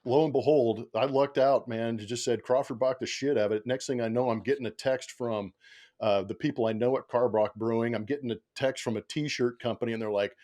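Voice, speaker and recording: A man's voice: medium pitch, steady tone, fairly quick, a little mellow. A man who works as a baseball broadcaster, a podcast guest telling a story in casual chat, acting out quotes and often laughing.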